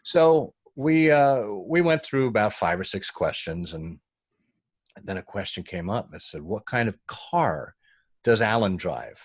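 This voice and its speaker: A man telling a story as a podcast guest, animated and acting out the voices of the people he quotes. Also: lowish voice, a little slow, husky, no room sound, clean studio sound. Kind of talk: conversational storytelling.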